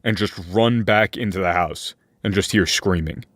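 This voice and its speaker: A man running a tabletop game as game master, narrating slowly with fillers and restarts. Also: low-pitched, fairly bright tone, no echo, clean studio sound. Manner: slow, hesitant narration with many fillers.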